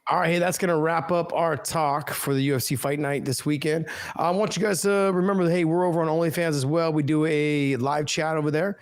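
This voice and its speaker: A man's voice: fairly high pitch, fairly even intonation, fairly quick, hardly any pauses. A man co-hosting a fight podcast, talking casually and bluntly, cursing now and then and reading out sponsor plugs. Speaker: podcast co-host. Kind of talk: casual chat.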